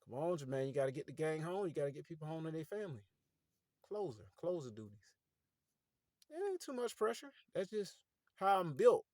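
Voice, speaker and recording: A man, talking straight into his phone from a parked car at night, preaching to his viewers like he's talking to friends. His voice sits a touch high for a man, and the sound is close and dry, with no room around it. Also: sing-song, fairly quick, a little mellow, no room sound. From Fort Pierce, Florida. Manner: preachy, conversational, addresses viewers as y'all. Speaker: motivational vlogger. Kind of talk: casual motivational talk.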